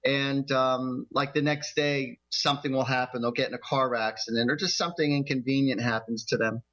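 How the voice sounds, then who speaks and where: A man's voice: mid-range voice, fairly even intonation, fairly quick, fairly bright tone, highs cut off. A man co-hosting a psychic radio show, chatting in a playful, joking, rambling way. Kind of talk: casual radio chat.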